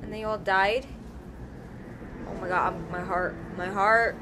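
A woman's voice: medium pitch, steady tone, a little slow, background noise. A young woman giving let's play commentary, emotional and exclaiming as she talks to herself through the game. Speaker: gaming streamer. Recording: game music behind voice.

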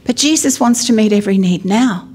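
A middle-aged woman, preaching a sermon as an apostle in a lively, conversational storytelling style. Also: medium pitch, brisk, a little hiss or hum.

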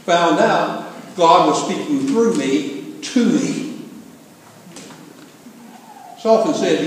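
A man's voice: fairly high pitch, animated, slow, pauses often. An older man preaching a sermon in a folksy, humorous storytelling way. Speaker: pastor. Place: church sanctuary. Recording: echoey hall from far off, faint hiss.

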